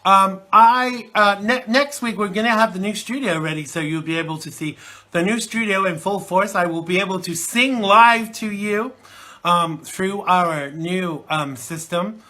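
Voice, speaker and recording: A man's voice: high-pitched, unhurried, bright, forceful tone. Chatty British-based man hosting a talk show. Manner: chatty, rambling, many fillers. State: chesty cold. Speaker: host. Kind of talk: live internet talk show.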